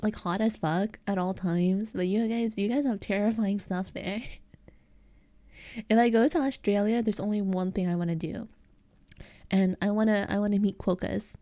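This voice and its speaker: Mellow-voiced giggly American streamer woman. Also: medium pitch, no echo. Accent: Eastern American. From United States. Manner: giggly, chatty, answers chat messages. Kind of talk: casual chat with live chat.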